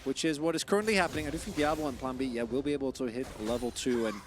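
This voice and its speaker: A man's voice: medium pitch, noisy background. A man giving casual, analytical color commentary on an esports match, with game music underneath. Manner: analytical, casual, quick to explain. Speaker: esports caster.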